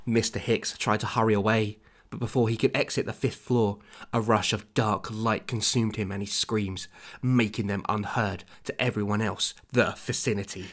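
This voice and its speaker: A man's voice: lowish voice, steady tone, moderate pace. A man hosting a podcast, reading his old story aloud and breaking off to comment, laughing often. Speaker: podcast host.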